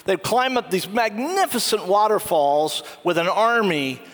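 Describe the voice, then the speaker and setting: A man's voice: high voice, animated, a little slow, fairly bright tone. A man preaching a sermon, retelling a film story and acting out its quoted lines. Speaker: pastor. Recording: long hall reverb.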